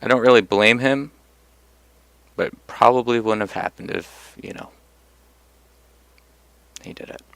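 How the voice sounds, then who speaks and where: A man's voice: mid-range voice, unhurried, creaky, long pauses, fairly bright tone, smooth, no echo. A young man telling personal stories in a casual monologue, blunt and profane, getting worked up as he goes. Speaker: vlogger.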